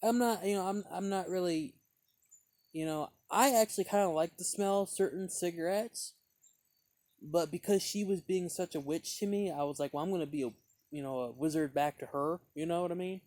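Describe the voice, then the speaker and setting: Man, casual rambling storyteller, mellow tone, dry close sound. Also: sits high, normal speed, no room sound. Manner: meandering, heavy on fillers and restarts. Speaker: pipe tobacco reviewer.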